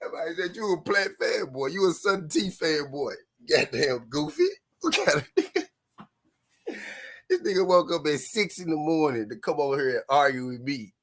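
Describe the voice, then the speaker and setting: Man, stream host, fairly high voice, mocks chatters, laughs a lot. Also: lively intonation, normal speed, a bit bright. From Memphis, Tennessee, US. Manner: taunting, mocking, laughs often, repeats lines. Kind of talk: live-stream banter with chat.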